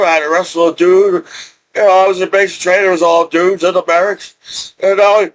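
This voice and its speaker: A man with a high-pitched voice rambles through his stories in casual vlog talk. He repeats phrases, restarts his sentences, and gets excitable. He sounds middle-aged. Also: rough recording. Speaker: vlogger telling stories.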